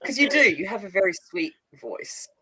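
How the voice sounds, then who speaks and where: An Australian woman from a country town, co-hosting a casual livestream chat, talking in halting restarts and laughing often. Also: mid-range voice, very animated, pushed and bright, husky, poor audio. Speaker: co-host.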